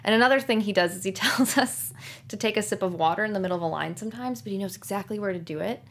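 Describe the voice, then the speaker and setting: Young actress guest, bubbly and giggly, mid-pitched, casual interview chat. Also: female voice. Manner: bubbly, laughing, quick animated storytelling.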